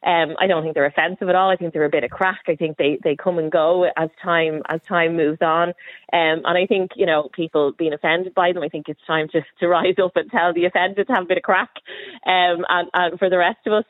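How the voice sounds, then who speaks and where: Irish woman, low voice, confident opinions, dry tinny phone line. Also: steady tone, fairly quick, no echo. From Ireland. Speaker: radio caller. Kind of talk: casual phone-in chat.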